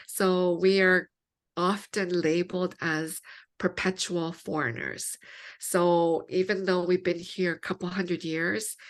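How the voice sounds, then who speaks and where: A woman theologian answering podcast interview questions in an earnest, explanatory way, building her point through many examples. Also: fairly low pitch. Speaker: theologian guest.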